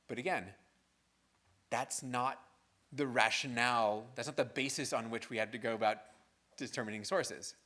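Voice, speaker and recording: A man lecturing a class in an easygoing, chatty manner, his pitch rising and falling as he talks. He keeps tossing in "right?" and "um" while he works through his points. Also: steady tone, moderate pace, long pauses, sharp tone. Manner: conversational, frequent "right?" and fillers. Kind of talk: university lecture. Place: lecture hall.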